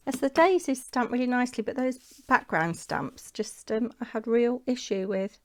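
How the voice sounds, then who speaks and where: Animated and fairly high-pitched, a woman talks at a normal pace while hosting a papercraft tutorial. She's chatty and casual, often talking to herself as she works.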